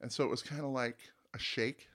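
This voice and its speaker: A man's voice: mid-range voice, fairly even intonation, a little fast, fairly bright tone. A man in his fifties hosting a music podcast, upbeat and chatty, laughing easily. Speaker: podcast host. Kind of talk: casual chat.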